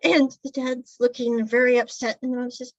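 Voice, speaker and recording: A woman's voice: fairly high pitch, level tone, moderate pace, no echo, lo-fi sound. A woman casually recapping a drama episode, chatty and laughing often as she retells scenes. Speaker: drama reviewer.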